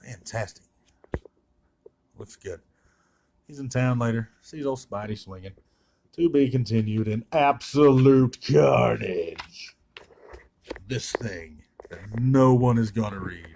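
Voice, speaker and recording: Lowish-voiced guy ranting about a comic, sarcastic, swears a lot, faint hiss behind. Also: darkish tone. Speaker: comic book reviewer. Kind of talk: casual profane review.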